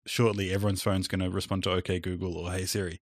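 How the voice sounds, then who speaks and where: A man co-hosting a podcast, chatting casually about tech and often trailing off softly at the ends of phrases. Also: low voice, flat delivery, fast talker, dry recording, studio quality. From Australia. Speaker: podcast co-host. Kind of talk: casual chat.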